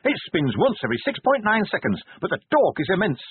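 A man's voice: high-pitched, very animated, fast talker, breathy edge, voice pushed up, heavily acted. A man voicing an overexcited male guild inventor who talks breathlessly and enthusiastically. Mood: excited. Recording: tinny phone-like band.

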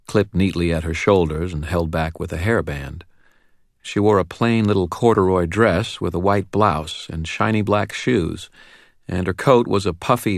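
A man reading a first-person audiobook with an expressive, wry delivery. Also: low voice, dry recording, studio quality. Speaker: audiobook narrator.

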